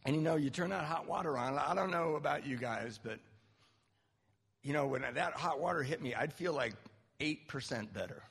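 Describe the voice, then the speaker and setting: A man sharing a candid, self-mocking recovery story to a group, with halting restarts. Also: fairly high pitch, creaky, fairly bright tone, breathy edge, long reverb tail. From Southern California. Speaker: recovery speaker. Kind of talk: personal story talk.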